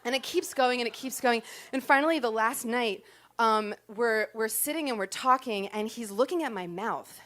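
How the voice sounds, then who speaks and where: A woman's voice: fairly high pitch, moderate pace, a bit bright. Self-mocking woman telling a comic story. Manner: self-deprecating, conversational, punchline timing. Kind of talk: comic personal storytelling performance.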